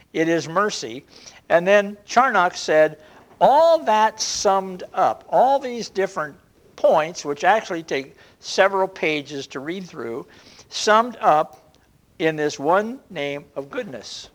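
A man preaching a sermon in an earnest way, often stretching key words slowly and restarting phrases. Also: fairly high pitch, a bit bright. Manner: earnest, drawn-out emphasis with frequent restarts.

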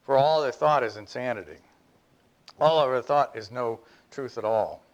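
A man preaches an earnest, emphatic sermon at a moderate pace and reads a passage aloud to his congregation, his pitch rising when he reads. The recording has its highs cut off.

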